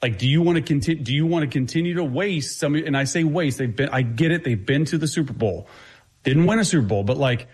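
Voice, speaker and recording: A man's voice: fairly high pitch, a little mellow, slightly rough. Confident male football analyst. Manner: fast, confident breakdown with restarts. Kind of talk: casual sports talk.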